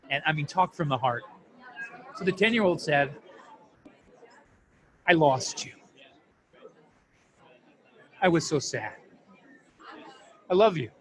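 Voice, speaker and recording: A man speaks in a slightly high voice, earnest and heartfelt, as he tells a story from his work with families dealing with addiction. His talk is interview storytelling. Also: fairly bright tone. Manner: earnest, heartfelt, moved to emotion. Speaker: family addiction program counselor.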